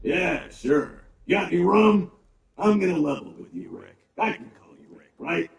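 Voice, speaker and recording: Gravelly, grumbling big orc. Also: male voice, sits high, big pitch swings, a little slow, full character voice. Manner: sarcastic, blunt, grumbling. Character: big gruff male orc, blunt and grumbling. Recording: roomy, distant, game music behind.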